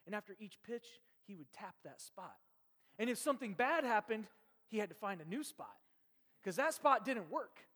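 A man preaching a sermon as pastor, telling stories with a joking, lively manner. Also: high-pitched, normal speed. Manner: lively, jokey storytelling. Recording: long hall reverb.

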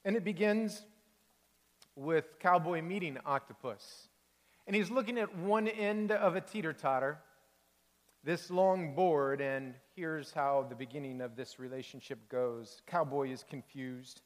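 A man, a pastor, reading a children's storybook aloud in a sermon with expressive, animated delivery. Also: a little high, measured pace, long reverb tail.

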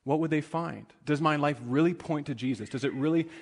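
A man's voice: on the high side, a little fast, in a large hall. A man preaching a sermon and telling a story in a conversational way, with frequent fillers and restarts.

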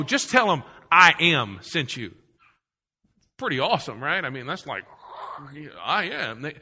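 A pastor preaches a sermon from the pulpit in a high, piercing, very bright voice, hammering his points home through repetition and emphasis. He poses rhetorical questions to the congregation, and a long reverb tail trails his voice through the church hall.

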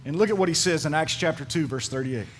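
High-voiced man preaching a sermon. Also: quick pace, slightly rough. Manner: emphatic, repeats key phrases; swings between soft and loud delivery. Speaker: pastor.

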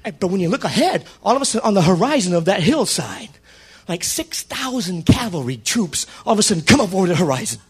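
A man in his fifties preaches with a high, husky voice and a bright, forceful tone. His pitch swings widely as he tells stories and then rises into shouted praise. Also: big pitch swings, fast. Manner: storytelling, builds to shouting praise. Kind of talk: sermon.

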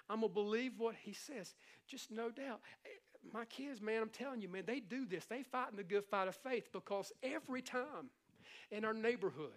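A middle-aged man delivers a sermon with a notably high-pitched voice. His preaching is animated and conversational. He slips easily into playful impressions to make his points. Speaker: pastor.

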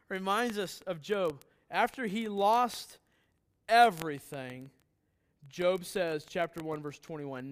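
Middle-aged man, pastor, easygoing sermon, slightly high voice, asks the room questions. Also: lively intonation, measured pace, clear, resonant tone. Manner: conversational, joking asides, quizzes the congregation. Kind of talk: sermon Bible teaching.

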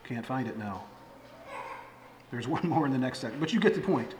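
A man's voice: medium pitch, expressive, normal speed, noisy background. Middle-aged man preaching in an echoey hall. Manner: conversational preaching with fillers and restarts. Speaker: pastor. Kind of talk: sermon. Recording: echoey hall with faint ambience.

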